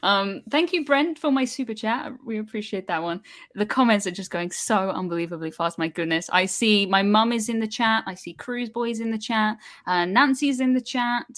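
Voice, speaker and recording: A woman's voice: mid-range voice, moderate pace, fairly bright tone. A British woman hosting a live stream over a video call, chatting casually and laughing often.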